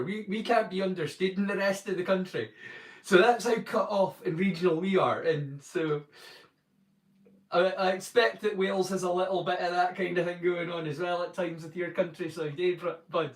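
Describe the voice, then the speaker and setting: A man's voice: high-pitched, fairly even intonation, normal speed, roomy sound, far from the mic. A man with a northeast Scottish accent chatting casually with viewers on a live stream, jokey and greeting people by name. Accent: Scottish, northeast (Doric). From northeast Scotland. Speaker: livestream watchalong host.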